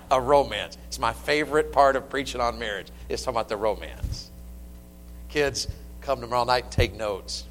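A man preaching a sermon to his church, animated and swinging between loud and hushed. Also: medium pitch, moderate pace. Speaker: pastor. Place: church sanctuary. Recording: long hall reverb, faint hum.

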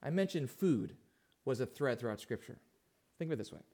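A man preaching a sermon as pastor, asking his listeners questions and swinging between hushed, low passages and louder, emphatic ones. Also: animated, a little fast.

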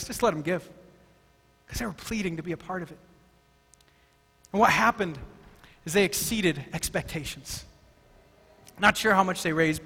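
A man preaching a sermon as pastor, emphatic and excitable, often stumbling over his words as he restarts. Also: sits high. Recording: long hall reverb.

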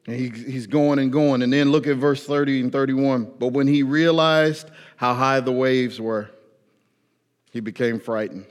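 Man, pastor, sermon, slangy, animated, raised-voice acted prayers, lingering hall echo. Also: mid-range voice, a little slow. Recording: long hall reverb.

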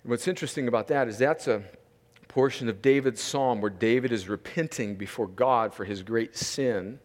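A man preaching an expository sermon as a pastor, slowing down to stress key words and chuckling between points. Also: medium pitch. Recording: long reverb of a large hall.

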